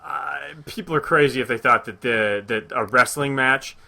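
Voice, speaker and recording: A young man co-hosting a casual comedy chat, telling a fight story in an animated way and yelling crowd voices. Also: mid-range voice, moderate pace, creaky. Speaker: podcast co-host.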